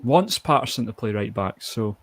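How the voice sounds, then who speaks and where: A man's voice: mid-range voice, lively intonation, moderate pace, no echo. A Scottish man co-hosting a live football watch-along, chatting casually, opinionated and laughing often. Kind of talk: casual live match chat.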